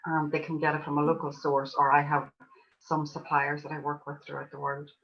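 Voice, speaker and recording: A woman's voice: low voice, monotone, fairly quick, creaky, highs cut off. An Irish woman with an articulate, explanatory manner, a homeopath answering interview questions over a video call from her home in Dublin. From Ireland. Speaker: homeopath guest.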